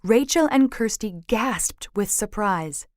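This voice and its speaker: Woman reading a kids story, slow and lively, dry close sound. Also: mid-range voice, no room sound. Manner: slow, expressive, clear.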